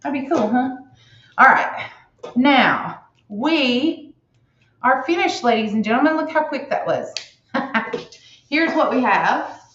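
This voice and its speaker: A woman's voice: sits high, animated, slow pace, pauses often, fairly bright tone, slight background noise. Chatty woman demonstrating a wreath craft. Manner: chatty, rambling, folksy, says "hon" and "right?". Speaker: craft instructor. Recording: echoey room, slightly dull sound.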